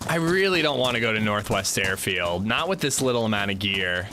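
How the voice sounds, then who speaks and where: A man's voice: fairly low pitch, expressive, a little fast, pushed and bright, a little hiss or hum. A man streaming a game, chatting casually and reading chat aloud. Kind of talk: casual livestream chat while gaming.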